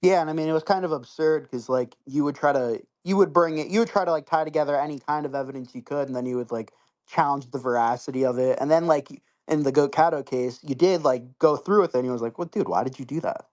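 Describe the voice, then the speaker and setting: A man's voice: fairly high pitch, quick pace, darkish tone. Hesitant man full of fillers. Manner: hesitant, filler-heavy questioning. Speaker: voice chat participant asking questions. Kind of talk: casual group voice chat.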